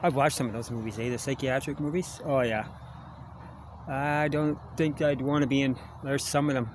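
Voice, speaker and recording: Man, chatty outdoor vlog, mid-pitched voice, camera at arm's length, clear outdoor noise behind. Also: fairly even intonation, moderate pace. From Canada. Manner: chatty, jokey, coaxing animals. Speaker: vlogger. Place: woods outdoors. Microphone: handheld camera at arm's length. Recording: outdoor noise, wildlife around. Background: outdoor ambience, animals.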